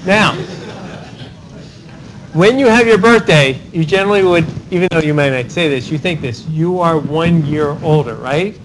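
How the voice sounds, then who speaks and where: High-voiced professor firing questions. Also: male voice, poor audio. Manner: rapid cold-calling of students, tag questions like "right?". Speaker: law professor. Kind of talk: Socratic classroom lecture. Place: university classroom.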